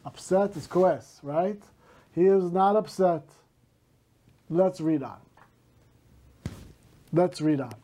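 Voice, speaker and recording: A male teacher slowly reading a story aloud to a class, stopping to gloss words in Hebrew. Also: sits high, dark tone.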